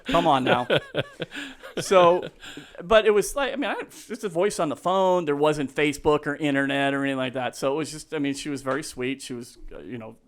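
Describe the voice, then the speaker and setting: A man's voice: fairly high pitch, brisk. A man in his fifties, a realtor telling stories as a podcast guest in a rambling, laughing way with many fillers and restarts. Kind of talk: casual storytelling.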